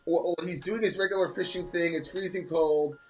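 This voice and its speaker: A man's voice: fairly high pitch, fairly even intonation, normal speed, faint music behind. A man co-hosting a reaction video, chatting casually and rambling with lots of fillers. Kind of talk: casual chat, reading lyrics aloud.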